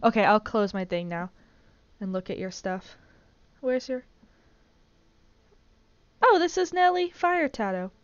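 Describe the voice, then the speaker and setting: A woman hosting a casual live stream while gaming, gushing and excitable as she rambles along. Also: medium pitch, unhurried, pauses often, clean tone, dry recording, dull audio. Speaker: streamer host.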